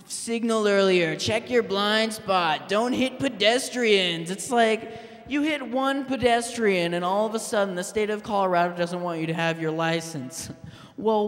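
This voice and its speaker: A man doing a stand-up set, halting and deadpan, with fillers and restarts. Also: high voice. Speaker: stand-up comedian. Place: public access TV studio stage. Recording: long hall reverb.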